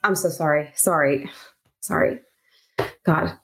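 A woman's voice: low voice, slow pace, pitched below the performer's own voice. A woman voicing her tabletop game character, a frazzled young woman who keeps apologizing and swearing through a terrible night. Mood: flustered. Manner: flustered, apologetic, swearing under breath.

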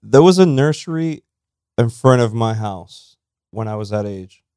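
A man's voice: medium pitch, animated, a little slow, warm tone, clean tone, dry recording, studio quality. A man in his forties from South Florida, co-hosting a casual chat over beers, telling stories in a laid-back way. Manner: laid-back storyteller, uses "bro". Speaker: podcast co-host.

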